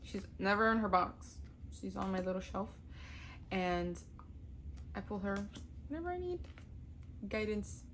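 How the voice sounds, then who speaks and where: A woman's voice: mid-range voice, sing-song, a little slow, long pauses, a bit bright, a little hiss or hum. A young woman chatting casually on camera as a vlogger, gushing, swearing freely and laughing often. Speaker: tarot vlogger. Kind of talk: casual chat.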